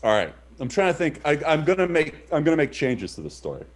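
Man, podcast co-host, animated storyteller, pitch swings a lot, gets loud when he quotes people. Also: fast talker. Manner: animated, shouts in reenacted quotes. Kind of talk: casual storytelling chat.

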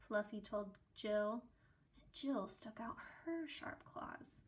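A woman reading a children's book aloud in a gentle, expressive way, adding small asides. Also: medium pitch, takes it slowly. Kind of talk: storybook read-aloud with asides.

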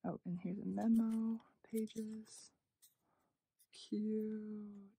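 A young woman gushes her way through an unboxing, gasping and dropping into half-whispers. Her voice is slow, with a gravelly, husky edge, and it sounds close and dry. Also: medium pitch, lively intonation, dry recording. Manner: gushing, frequent gasps and soft half-whispers. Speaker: unboxing vlogger. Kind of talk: casual unboxing commentary.

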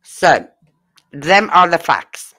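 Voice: mid-range voice, very animated, drawn-out words, bright, forceful tone, a little hiss or hum. A true crime channel host giving casual commentary, asking sarcastic rhetorical questions and using blunt, crude slang.

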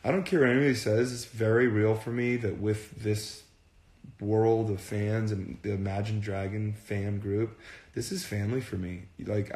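A man's voice: on the low side, a little mellow, reverberant. A man chatting casually on a phone livestream, earnest and rambling, often repeating himself. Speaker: band frontman on a livestream.

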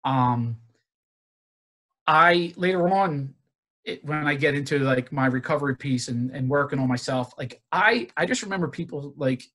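Man, from Northeast Philly, earnest personal recovery talk, halting, a touch higher voice. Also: a bit bright. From Northeast Philadelphia. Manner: earnest, halting with many restarts and fillers. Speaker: guest speaker. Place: virtual forum presentation.

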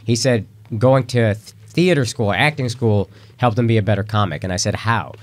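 A man's voice: fairly low pitch, moderate pace. A man co-hosting a podcast, telling a rambling anecdote and acting out the quotes. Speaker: podcast co-host. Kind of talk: casual storytelling.

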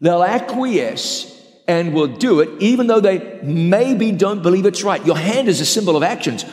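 A male pastor preaches with emphatic, dramatic delivery, acting out voices as he goes. His slightly high voice rises and falls widely. Long reverb from a large hall trails every phrase. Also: lively intonation, moderate pace, darkish tone. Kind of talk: sermon.

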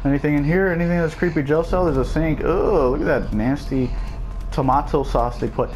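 Excitable young male let's-play commentator. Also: fairly high pitch, fairly quick. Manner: excitable, jokey, loud outbursts of surprise. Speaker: gameplay commentator. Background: family noise and faint game music.

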